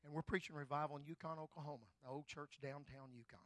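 An older man preaching a sermon, fervent and swelling loud on key phrases. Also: fairly high pitch, steady tone, fast talker, dry recording. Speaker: pastor.

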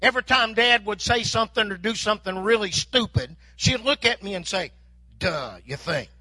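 A man's voice: sits high, fairly quick, bright, forceful tone, no echo. An older man preaching a sermon, telling folksy stories and acting out bits of dialogue. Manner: folksy storytelling with mock dialogue. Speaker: pastor.

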